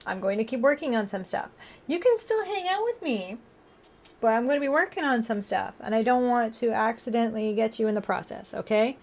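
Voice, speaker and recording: A woman's voice: on the high side, quick pace, creaky, hardly any pauses. A young woman livestreaming, chatting with viewers and talking baby talk to her cat. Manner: playful baby talk to a pet. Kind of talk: casual chat with chat and her cat.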